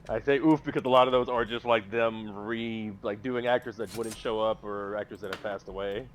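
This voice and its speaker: A man chatting casually on a live stream, rambling excitably about movies with big jumps in pitch and loudness. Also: a little fast, slight background noise. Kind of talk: casual chat.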